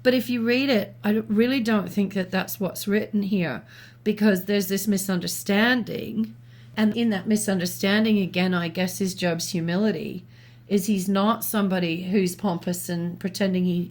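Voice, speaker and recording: A woman co-hosting a talk show, reasoning aloud in a thoughtful, measured way with small restarts. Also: mid-range voice, steady tone, a little mellow. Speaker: podcast co-host. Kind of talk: reflective conversational commentary.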